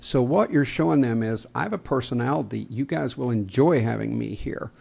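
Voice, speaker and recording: A man's voice: mid-range voice, expressive, brisk, vocal fry, darkish tone, husky. A man with a Southern American accent co-hosting a podcast, chatting casually, joking and laughing often. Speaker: podcast co-host.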